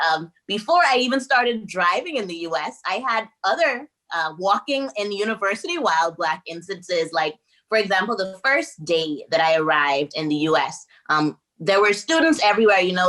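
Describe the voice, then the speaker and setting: Bright, lively woman from the Bahamas. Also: medium pitch, normal speed. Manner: lively, acts out dialogue in her stories. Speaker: podcast guest, anti-racism educator. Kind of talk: animated personal storytelling.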